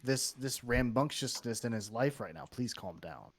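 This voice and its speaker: A man's voice: medium pitch, animated, moderate pace, close to an everyday voice. A man voicing an anxious, fussy bird-folk father in a tabletop game, scolding the adventurers. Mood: fretful.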